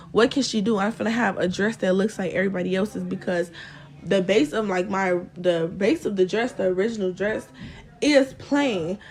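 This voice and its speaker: Young woman ranting through a storytime to camera, mid pitch, lots of y'all and or whatever. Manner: chatty and exasperated, addresses viewers as y'all, fills with "or whatever". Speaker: storytime vlogger.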